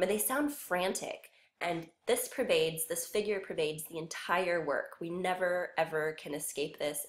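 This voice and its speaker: A woman teaching a music lesson, patiently explaining each point step by step. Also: low voice. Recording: roomy echo.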